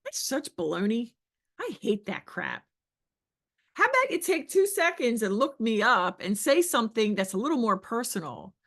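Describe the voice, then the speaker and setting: A woman's voice: fairly high pitch, moderate pace. A middle-aged woman sales coach talking passionately on a podcast, asking the listener questions and acting out other people's lines. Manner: passionate, animated, rhetorical questions. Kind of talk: podcast teaching talk.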